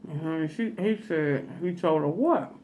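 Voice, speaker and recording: A woman's voice: low-pitched, moderate pace, darkish tone, slight background noise. A woman food vlogger telling a funny story in a chatty, folksy way while eating, with laughing asides.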